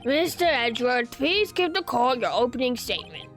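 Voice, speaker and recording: A woman voicing a stern older male judge with slow, deliberate pronouncements. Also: high voice, very animated, fairly bright tone, faint music behind.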